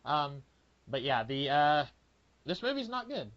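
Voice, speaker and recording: Man, podcast co-host, rambling, halting, lots of fillers, lo-fi muffled recording. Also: fairly high pitch, very animated. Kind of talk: casual movie review chat. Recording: lo-fi, dull sound.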